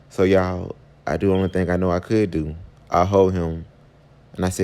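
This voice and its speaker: A man telling a story in a casual vlog, chatting straight to his viewers with sudden jumps in pitch. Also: fairly even intonation, unhurried, long pauses, a little mellow.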